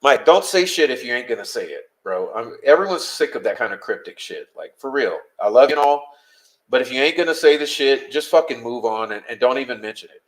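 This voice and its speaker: A man's voice: medium pitch, lively intonation, brisk. Heated, foul-mouthed man ranting to his chat. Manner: blunt, heated, swears a lot. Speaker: podcast host. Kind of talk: profane live-stream commentary with chat.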